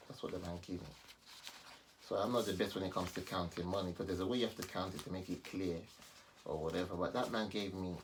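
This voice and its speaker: Excitable man telling a testimony. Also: low voice, fast talker. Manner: animated storytelling, excitable, repeats himself. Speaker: pastor. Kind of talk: personal testimony vlog. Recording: distant mic with faint background noise.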